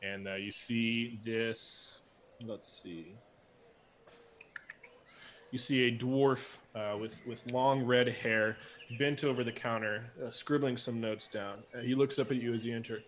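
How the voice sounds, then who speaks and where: A man's voice: medium pitch, steady tone, a little slow, slight background noise. A man running a tabletop game as dungeon master, narrating with many fillers. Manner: rambling, full of fillers.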